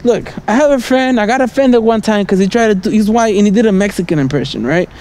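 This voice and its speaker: A man's voice: sits high, fast, darkish tone. A man vlogging a rambling, casual stream-of-thought monologue, outdoors on a city street at night, constantly asking "right?" and "you know?" and chuckling between thoughts.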